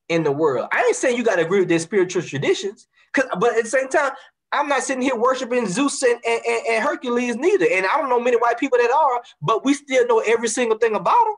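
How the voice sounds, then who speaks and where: Man, louisiana accent, high husky voice, passionate, repeats words, casual talk. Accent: Southern US, Louisiana. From Baton Rouge, Louisiana. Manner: passionate, fast, repeats words when building a point. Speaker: guest. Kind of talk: casual conversation.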